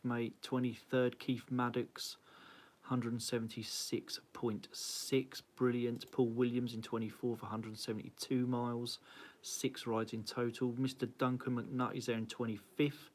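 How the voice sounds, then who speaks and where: A man's voice: mid-range voice, darkish tone. Chatty man reading a leaderboard. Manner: chatty, cheery, greets viewers by name; flustered, self-mocking. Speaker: cycling club host. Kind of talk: casual live-stream leaderboard rundown.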